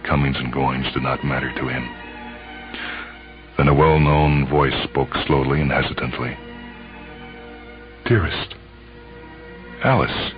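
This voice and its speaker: Deep-voiced man reading a brooding tale. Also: level tone, moderate pace, dull audio, soft background music. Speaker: narrator. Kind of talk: dramatic story reading.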